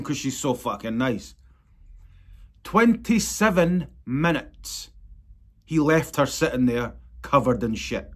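Talking straight into the camera for a vlog update, this tattoo artist and channel host is blunt, furious and full of swearing. He speaks slowly in an animated, mid-range voice.

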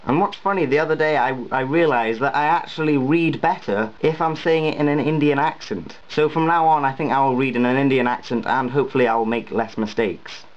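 A man's voice: medium pitch, a little fast, few pauses. A teenage young man, telling funny stories in a casual, wry vlog. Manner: chatty, wry storytelling. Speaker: vlogger. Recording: dull lo-fi home recording.

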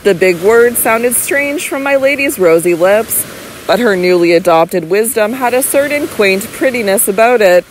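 A woman's voice: a little high, animated, normal speed, slight background noise, rough recording. Woman narrating a classic novel. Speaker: audiobook narrator.

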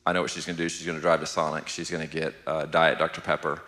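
Bright-voiced pastor in a reverberant hall. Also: male voice, rumbling low, quick pace. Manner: steady, even-keeled, asks the room "how many know". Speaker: pastor teaching a marriage class. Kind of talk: conversational church class teaching.

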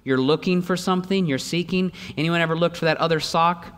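A pastor preaches with plenty of energy, firing repeated rhetorical questions at his congregation. His voice sits fairly high for a man. The sound carries a long church-hall reverb. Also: a little fast, fairly bright tone, clear, resonant tone. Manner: acts out voices in quoted lines. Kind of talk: sermon. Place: church sanctuary.

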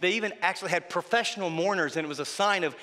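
A man preaching a sermon, telling the story dramatically and swinging between loud passages and hushed ones. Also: high-pitched, rapid-fire, big-room sound. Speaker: pastor.

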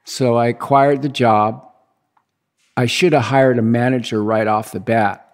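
A man in his sixties from the United States, telling stories as a guest in a relaxed, rambling way and acting out the dialogue he quotes. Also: medium pitch, a little slow. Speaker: guest, big-wave surfer. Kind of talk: casual storytelling interview.

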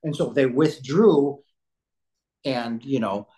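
A man's voice: mid-range voice, slow, mellow, rough recording. A man speaks as a podcast guest, telling a personal story in an emphatic, outspoken way. He rambles, restarts his sentences and drops blunt words for emphasis. His delivery is loose and conversational. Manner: rambling with many restarts and fillers.

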